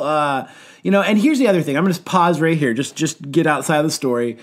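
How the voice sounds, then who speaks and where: A man with a fairly high voice co-hosts a podcast as a youth pastor, speaking at a normal pace with long pauses. He tells a funny story in relaxed conversation, laughing a lot and performing the lines he quotes.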